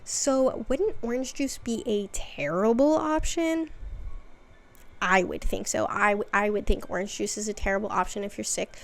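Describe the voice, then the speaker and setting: A woman hosting her own video, giving a chatty, casual recap full of "like" and wry asides. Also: medium pitch. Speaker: video essay host.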